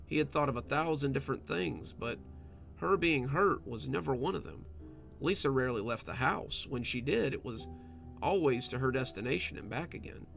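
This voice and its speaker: A male narrator with a gravelly, creaky voice reads a dark story in a measured, steady tone. Soft instrumental music plays faintly under the reading. His pitch sits in the middle of the male range. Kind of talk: scripted horror story narration.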